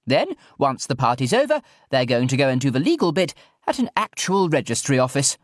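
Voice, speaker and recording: A man voicing a loud, posh, flamboyant older woman who officiates a wedding with theatrical, irreverent glee. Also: very animated, brisk, no echo, clean studio sound, lightly acted. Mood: grandly jolly. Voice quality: plummy upper-class delivery. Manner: booming, theatrical, gleefully outrageous. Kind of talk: audiobook character voice.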